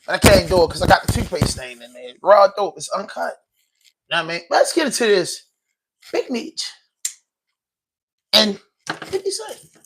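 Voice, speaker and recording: A man's voice: high voice, animated, brisk, husky. A man hosting a podcast livestream, rambling loosely in slangy, profane casual commentary. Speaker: podcast host.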